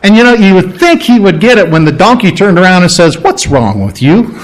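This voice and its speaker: A man's voice: high voice, fast, rough recording. A male preacher telling a Bible story in a conversational sermon, with many restarts.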